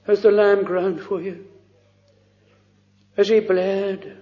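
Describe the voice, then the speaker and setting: A man preaching a sermon, slow and fervent, drawing out pleading phrases. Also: high-pitched, dark tone. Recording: dull lo-fi recording in a reverberant hall.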